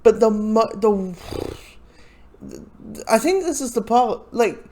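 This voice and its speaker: A man's voice: sits high, animated, takes it slowly, a little mellow, a little hiss or hum. A man talks through his take on a movie in a loose, casual way, wandering from point to point. His voice swings up and down a lot as he goes, and now and then he slips into the voices of the people he is quoting. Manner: rambling, acts out quoted lines. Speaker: film reviewer. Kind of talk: casual spoken movie review.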